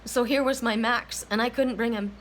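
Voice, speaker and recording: A woman's voice: a little high, steady tone, normal speed, fairly bright tone, a little hiss or hum, low-quality recording. A woman tarot reader telling a personal story, emotional and near tears, often repeating herself and restarting her sentences.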